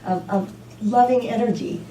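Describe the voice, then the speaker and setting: Woman minister, informal sermon, talky and animated, heard from a distance in a roomy hall with a faint hum. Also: on the high side, normal speed. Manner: conversational, repeats "you know", animated when telling stories. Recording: echoey room, mic at a distance.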